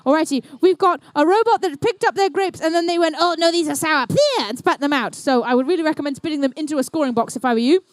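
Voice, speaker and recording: A woman's voice: high-pitched, fast, few pauses. A young woman emceeing a robotics competition, giving live match commentary with playful, jokey asides. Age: young adult. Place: indoor robotics competition venue.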